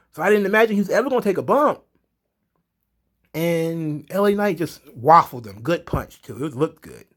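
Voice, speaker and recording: A man giving a casual recap of a wrestling show, excitable, chuckling, swearing freely. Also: a little high.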